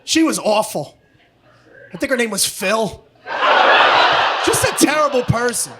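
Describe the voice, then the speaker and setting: A middle-aged man doing stand-up comedy on a club stage, brash, profane and often shouting. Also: very high-pitched, very animated, measured pace. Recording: live club audio with background noise.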